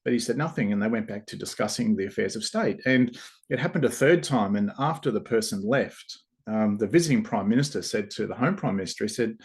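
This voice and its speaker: Low-voiced guy casually telling a little parable, relaxed and a bit rambly. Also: fairly quick. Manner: relaxed, rambling, with fillers and restarts. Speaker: host.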